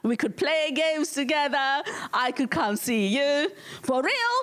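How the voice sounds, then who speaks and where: A woman's voice: high voice, animated, unhurried, fairly bright tone. A woman voicing a man who stole a laptop, pleading in a wheedling way.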